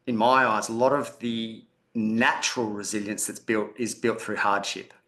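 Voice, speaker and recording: A man's voice: fairly low pitch, steady tone, normal speed, pushed and bright. A man hosting a podcast who asks a long question in a casual, rambling way. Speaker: podcast host.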